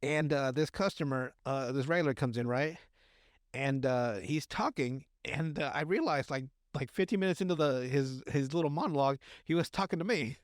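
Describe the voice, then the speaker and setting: A man's voice: a little high, moderate pace, no room sound, studio quality. A man hosting a podcast, telling a story in casual, crude chat full of fillers and restarts. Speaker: podcast host.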